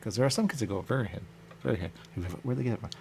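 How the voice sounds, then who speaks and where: A man hosts a radio show in a medium-pitched voice, talking very fast with vocal fry over background noise. His rambling monologue is loose and musing, circling back to the same stock phrases and repeating "there you go" again and again.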